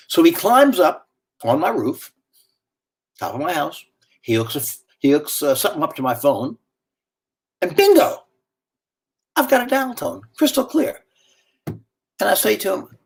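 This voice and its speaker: A man telling a dramatic first-person story with lively delivery and sudden swings in tone. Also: a little high, normal speed, creaky, pauses often, breathy edge.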